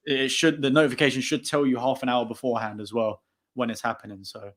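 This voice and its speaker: A young man hosting a casual post-match football chat on a live stream, talking fast and laughing often. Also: medium pitch, flat delivery, crowd noise. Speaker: host.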